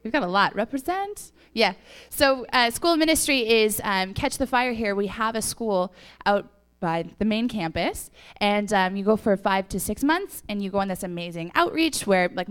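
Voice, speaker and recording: A woman's voice: mid-range voice, animated, normal speed, few pauses, clear, resonant tone. A young woman giving a casual testimony to a church audience, telling stories chattily with laughs and fillers, a little sniffly. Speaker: church speaker.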